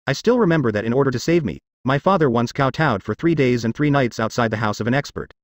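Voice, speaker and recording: A man voicing a calm, weary immortal man in a fantasy audiobook, speaking softly and earnestly. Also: medium pitch, fast talker, dry recording, studio quality, close to an everyday voice. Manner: soft and earnest.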